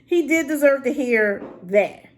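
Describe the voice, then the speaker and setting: A woman's voice: high voice, animated, measured pace. A woman reviewing a drama to camera in an unscripted, rambling rant, exclaiming and talking straight to her viewers. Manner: unscripted and unedited.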